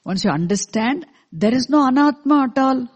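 A teacher explaining a scripture verse to a class in a measured way, repeating key terms and asking the listeners questions, with verses chanted slowly in between. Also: sits high, animated. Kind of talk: scripture lecture.

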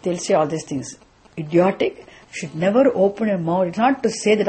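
A woman's voice: lowish voice, lively intonation, brisk, warm tone, slight background noise. A woman teaching a scripture class, asking questions and answering them herself, repeating the key phrases. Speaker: Vedanta teacher.

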